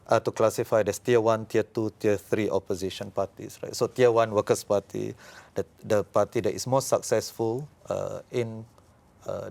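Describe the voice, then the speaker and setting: Male expert guest, low gravelly voice, analytical delivery. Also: a little mellow. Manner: measured, analytical, with frequent fillers. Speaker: political science expert guest. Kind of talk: explanatory interview talk.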